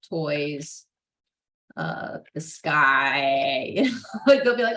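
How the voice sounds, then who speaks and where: A woman's voice: lowish voice, takes it slowly, pushed and bright. Chatty young woman lecturing in a roomy room. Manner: chatty, lots of "like" and "right?", acts out what parents say. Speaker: psychology lecturer. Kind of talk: casual classroom lecture. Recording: roomy echo.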